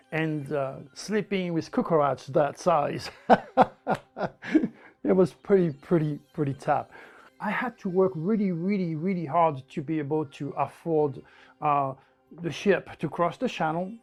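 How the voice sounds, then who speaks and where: A man from France with a French accent, telling a personal story in an animated, emphatic way. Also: on the high side. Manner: animated, emphatic, with repetitions and laughs.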